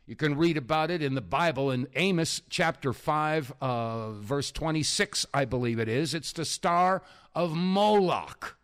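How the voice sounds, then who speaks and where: A man hosting a talk radio show, his voice sitting a little higher than most. He rambles through his monologue with plenty of fillers and the odd chuckle. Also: measured pace, fairly bright tone, smooth.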